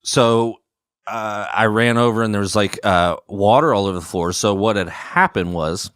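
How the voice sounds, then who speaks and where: A man's voice: lowish voice, moderate pace, a bit bright, clear, resonant tone, no room sound, studio quality. A man co-hosting a podcast, telling a story in casual chat with lots of fillers and restarts. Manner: rambling storyteller, many fillers. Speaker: podcast co-host.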